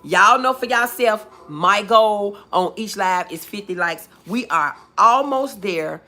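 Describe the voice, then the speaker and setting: A woman's voice: mid-range voice, expressive, slow, bright, forceful tone, soft background music. A woman hosting a casual livestream, chatting with viewers in the comments and calling them boo and baby. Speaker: livestream host. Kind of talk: casual live chat reading comments.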